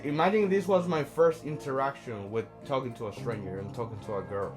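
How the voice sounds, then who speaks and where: A man's voice: medium pitch, brisk. A man telling a personal story in a casual, conversational way, often checking in with "right?" as a social anxiety coach. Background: background music.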